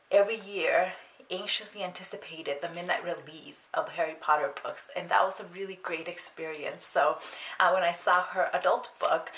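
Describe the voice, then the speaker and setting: Young female book vlogger, casual and chatty, slightly low voice, some faint background hiss. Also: a bit bright. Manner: chatty, with frequent ums and restarts. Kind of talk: casual chat. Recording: roomy sound with faint noise.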